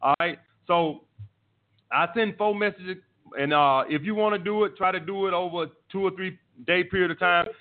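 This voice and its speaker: A man's voice: sits high, steady tone, normal speed. Profane, blunt man on a tinny line. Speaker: dating advice host. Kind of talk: live call-in show, answering listener messages.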